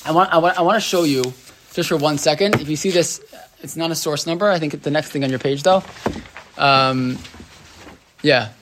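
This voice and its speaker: A male rabbi leads a relaxed Torah class, talking the way people talk in a room. He keeps asking his listeners "right?" and restarts his sentences. He drops Hebrew terms into his English. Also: on the high side, normal speed, pauses often, noisy background. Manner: chatty, asks the room "right?", lots of restarts and "like".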